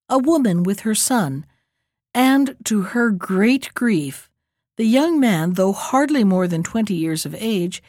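A woman librarian reading a folktale aloud in an expressive, lively storytelling manner on a close mic. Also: medium pitch, dry recording.

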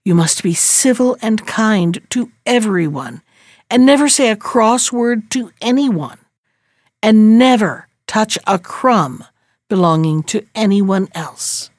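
A woman's voice: medium pitch, slow, darkish tone, no room sound, clean studio sound, lightly acted. A woman voicing a kind old grandmother in a fairy tale who cries over the children as she warns them. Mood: pitying. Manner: tearful, pleading. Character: tender pitying old grandmother.

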